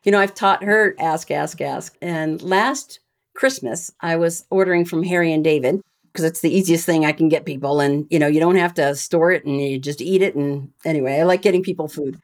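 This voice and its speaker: A woman guest on a podcast interview, telling lively anecdotes and laughing often. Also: deep voice, fairly quick. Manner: animated storyteller, laughs often. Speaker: guest, retired rear admiral and speaker. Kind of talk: casual interview chat.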